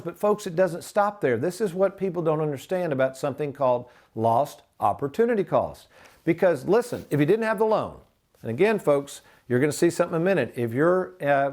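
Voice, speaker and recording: An older man hosting a retirement planning show, speaking in a folksy way and calling his viewers "folks." His voice sits a little higher than most men's as he steps through the figures for them. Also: a little mellow. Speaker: financial advisor and show host.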